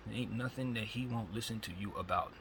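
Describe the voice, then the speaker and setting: Male host, gravelly voice, rambling slangy spiritual talk, phone recording with light background hiss. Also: lowish voice, fast. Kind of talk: spiritual monologue.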